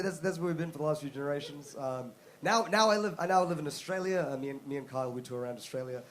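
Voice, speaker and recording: A young male stand-up comic with a high, light voice works a comedy club stage, moving from casual setup into lively put-on voices as he tells his stories. A faint hum sits under his mic. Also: fast, hardly any pauses. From South Africa. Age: young adult. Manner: animated storytelling, breaks into mock voices.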